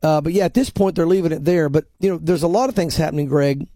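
Emphatic high-voiced pastor, mellow tone. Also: male voice, quick pace, dry recording, clean studio sound. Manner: emphatic, repeats words while building a point; acts out other people's lines in quoted voices. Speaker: pastor and prophecy commentator. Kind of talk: conversational podcast commentary.

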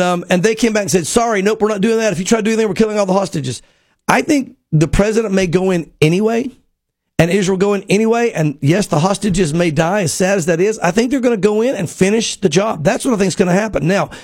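A man speaks in a notably high register, laying out news commentary as a guest in an earnest, speculative way. He builds his case point by point in a conversational tone. The sound is dry, with no room echo. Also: darkish tone.

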